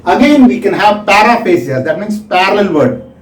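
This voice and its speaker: Brief: high-voiced male lecturer, deliberate and explanatory, mic at a distance. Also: big pitch swings. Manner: slow, explanatory, acts out examples. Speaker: medical lecturer. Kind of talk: recorded medical lecture. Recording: echoey room, voice from a distance.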